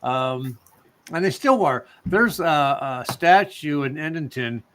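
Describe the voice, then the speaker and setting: A male host from the northern United States who talks in rambling, halting bursts, full of restarts. His voice sits a bit high for a man, and it is casual and chatty. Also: expressive, fairly bright tone, a little hiss or hum. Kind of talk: casual talk show chat.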